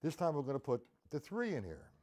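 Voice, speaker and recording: A man's voice: on the high side, big pitch swings, fairly quick, over loud music. A man teaching a live-streamed drum lesson, counting beats aloud and checking in with his viewers. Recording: drum kit playing behind voice. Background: loud drum kit.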